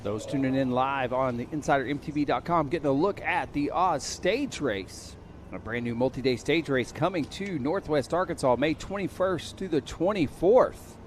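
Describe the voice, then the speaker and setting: Man, race announcer, lively delivery, slightly high voice, outdoor event, faint background noise. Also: moderate pace. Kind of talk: live race announcing over a PA. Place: outdoors at a bike race venue.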